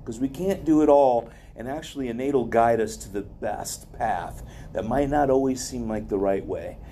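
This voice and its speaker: A man's voice: medium pitch, moderate pace, warm tone, slight background noise. A man giving a motivational wellness talk to a group in a loose, conversational way, full of asides and personal stories. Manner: rambling, conversational, with many asides.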